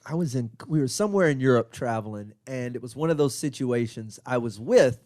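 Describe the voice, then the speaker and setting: A man's voice: mid-range voice, lively intonation, a little fast, a little mellow, no room sound, studio quality. A man co-hosting a podcast, telling rambling, profane stories in casual chat. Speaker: podcast co-host, comedian. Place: podcast studio.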